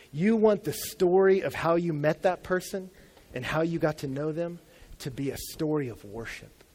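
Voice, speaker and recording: A man's voice: on the high side, moderate pace, darkish tone. A young adult man preaching a sermon as a pastor in a conversational, humorous storytelling way.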